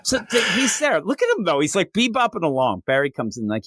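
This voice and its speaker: A man with a lively voice that swings up and down, recapping a comic book in casual podcast talk. He is sarcastic and profane and keeps acting out the characters' lines. The sound is dry and close. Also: sits high, brisk, hardly any pauses, no echo. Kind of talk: casual comic review chat.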